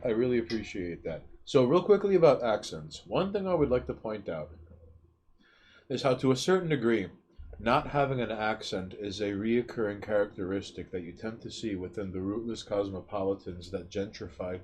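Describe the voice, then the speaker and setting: A man's voice: fairly low pitch, lively intonation, normal speed, darkish tone. Guy cohosting a podcast, rambly and sweary, keeps restarting sentences, faint hiss behind. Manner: rambling, profane, trails off and restarts. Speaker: podcast co-host. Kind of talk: casual chat.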